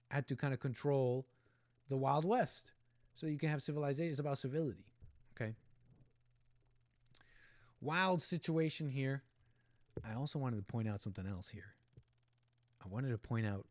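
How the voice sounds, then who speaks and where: A man's voice: mid-range voice, a little mellow, no room sound. A man hosting a livestream, giving rambling, opinionated commentary on a video clip and talking back at the people in it. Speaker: livestream host.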